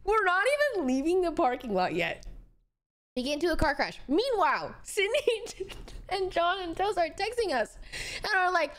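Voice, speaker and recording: A young woman streamer casually telling a story to her chat, acting out quotes and swearing freely. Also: high-pitched.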